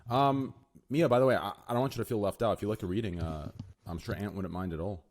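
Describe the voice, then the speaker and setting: A man hosting a casual podcast, crude and rambling, quick to apologize for his language. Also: lowish voice, a little mellow. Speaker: podcast host.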